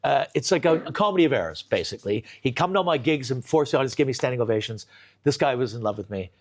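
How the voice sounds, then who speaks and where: A male comedian guest telling stories in casual conversation, animated and acting out the people he quotes. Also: medium pitch. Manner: animated storyteller, quick to act out quotes.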